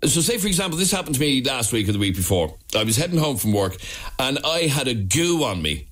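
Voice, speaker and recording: Irish man, radio talk host, lively swooping pitch, emphatic and jokey, studio mic. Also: fast talker. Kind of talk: casual radio phone-in chat. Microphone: studio microphone.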